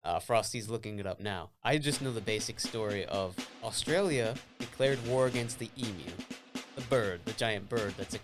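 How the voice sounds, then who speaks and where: A man's voice: lowish voice, normal speed, over music. A man co-hosting a comedy podcast, telling a story in an easygoing way with amused asides. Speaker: podcast co-host. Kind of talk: casual comedic chat.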